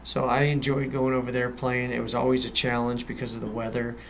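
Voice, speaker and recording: A man in his fifties speaks as a guest on a chat show, relaxed and a little hesitant. His voice sits at an ordinary pitch, and faint ambient noise runs underneath it. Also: brisk. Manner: easygoing, hesitant, restarts with fillers. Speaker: professional golfer guest. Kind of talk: casual interview chat.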